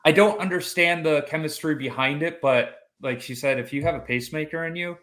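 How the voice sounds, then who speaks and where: A man hosting a podcast, telling a personal story in a lively conversational way and acting out the voices he quotes. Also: fairly high pitch, fairly quick. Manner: animated storyteller who acts out quoted voices. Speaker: podcast host.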